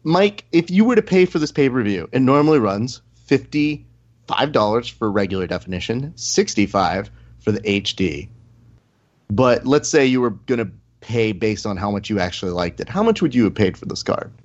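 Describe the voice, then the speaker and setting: A man's voice: mid-range voice, moderate pace, muffled recording. A man hosting a podcast in casual chat, telling stories and acting out the quotes. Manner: animated storyteller, acts out quotes. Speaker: podcast host.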